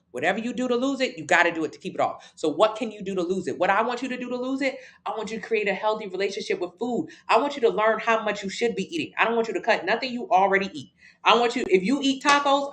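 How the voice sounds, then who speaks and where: A woman's voice: mid-range voice, fast talker. A blunt woman coach talking straight to her viewers on a live stream. She leans on repetition to hammer points home, loose and slangy, close to the mic. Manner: blunt, emphatic, repeats key points; casual slang-heavy talk. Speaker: fitness coach.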